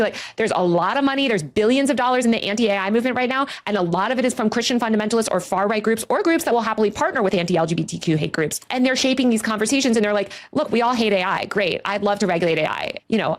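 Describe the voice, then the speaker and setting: Fast-talking earnest podcast woman. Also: mid-range voice. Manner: earnest, filler-heavy. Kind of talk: casual podcast conversation.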